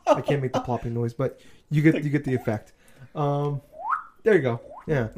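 A man's voice: on the high side, animated, normal speed, a little mellow, slight background noise. A man in casual chat, rambling and crude with lots of swearing, tired and a bit delirious from overwork.

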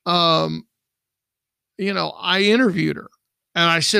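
A man's voice: high voice, animated, brisk, creaky, bright, forceful tone, no room sound, clean studio sound. A middle-aged man, a podcast co-host and former investigator, telling a true-crime story in a rambling way and acting out the dialogue. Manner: rambling, acts out quoted dialogue.

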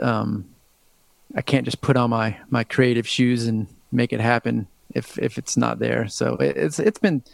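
A man's voice: mid-range voice, gravelly, dry recording. A man in his thirties, a musician guest in a casual interview, talking in a hesitant, rambling way with many restarts. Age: 30s.

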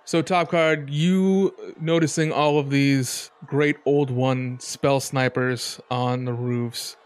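A man's voice: medium pitch, fairly even intonation, clean tone, no echo. A man narrating as game master in a casual tabletop game session. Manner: casual, unhurried narration with fillers.

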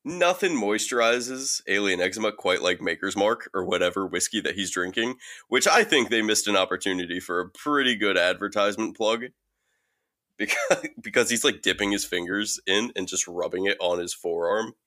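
Podcast co-host, man, low bright voice, crude joker, casual banter. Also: lively intonation, moderate pace. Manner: crude, joking, swears freely. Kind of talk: casual chat.

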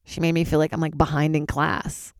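A woman stand-up comedian hosting her own podcast, rambling casually, swearing freely and jumping wildly in pitch. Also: a little fast, no echo, studio quality. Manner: animated, swears freely, big jumps in pitch.

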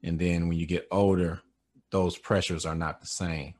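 A man hosting a podcast interview and asking questions in a measured, thoughtful way. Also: low voice, level tone, a little mellow. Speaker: podcast host and high school educator.

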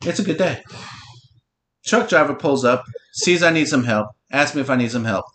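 A man's voice: medium pitch, lively intonation, moderate pace, a bit bright, slight background noise. A middle-aged man hosting a podcast and telling a long story in a casual, profane, teasing way. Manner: profane, teasing, talks to his listener directly. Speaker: podcast host.

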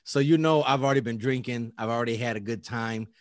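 Man, storyteller, excitable, acts out every quote, dry close mic. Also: medium pitch, quick pace, no room sound. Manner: animated, acts out quotes, laughs often, swears. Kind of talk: casual storytelling chat.

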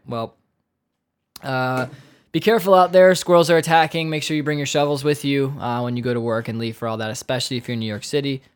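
Male podcast host, solo casual chat, joking and profane, mid-pitched voice. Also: clean tone. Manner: joking, profane, mock-dramatic asides.

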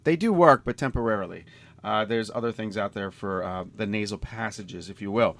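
A man's voice: fairly low pitch, a little fast, a bit bright. A man with a nasal, congested voice from a sinus infection, hosting a casual podcast chat and laughing often. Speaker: podcast host.

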